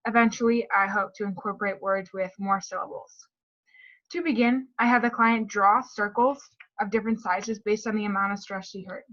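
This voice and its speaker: A woman's voice: medium pitch, fairly even intonation, normal speed, fairly bright tone, muffled recording. A woman presenting a speech therapy session in a recorded class talk, explaining and modeling word stress aloud.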